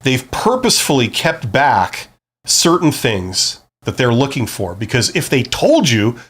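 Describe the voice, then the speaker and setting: A man's voice: mid-range voice, big pitch swings, measured pace, a bit bright, husky. A man hosting a live stream, giving career advice in a conversational, explanatory way and often checking in with "right?".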